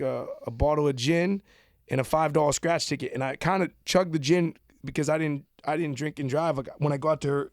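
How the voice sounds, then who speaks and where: A man with a Boston accent, a podcast guest telling a drinking story in a rambling, halting way full of fillers. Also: on the high side, no echo, clean studio sound. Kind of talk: casual chat.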